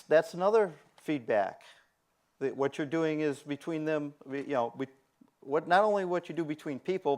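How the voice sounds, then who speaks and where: A man speaks to a room at a conference, his voice sitting a little higher than most men's. He talks in an animated way and slips into the voices of the people he describes. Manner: animated, acts out quoted voices. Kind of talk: conference talk.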